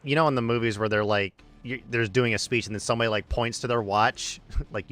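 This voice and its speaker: A man's voice: medium pitch, steady tone, a little fast, fairly bright tone. A man chatting with friends, stammering a little and poking fun at himself. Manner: stammering, self-mocking. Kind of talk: casual group chat.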